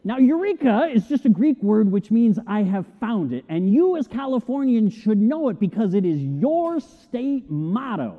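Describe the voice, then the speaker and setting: Middle-aged male pastor, high and very expressive voice, long hall reverb. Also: a little slow, hardly any pauses. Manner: animated storytelling, acts out shouted quotes. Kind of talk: sermon. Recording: tinny phone-like sound with long hall reverb.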